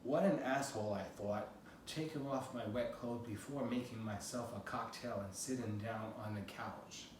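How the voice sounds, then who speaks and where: A man's voice: on the low side, fairly even intonation, unhurried. A man from the United States reading excerpts from his own memoir aloud in a plain first-person way. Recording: very echoey room, voice from a distance, faint noise.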